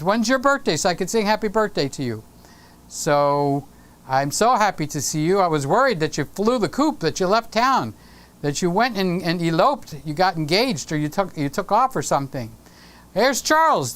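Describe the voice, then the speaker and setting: Man, live-stream host, lively swooping pitch, teasing, chatty, home studio. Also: normal speed, clean tone. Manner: playful, teasing, greeting viewers by name. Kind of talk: casual live-stream chat.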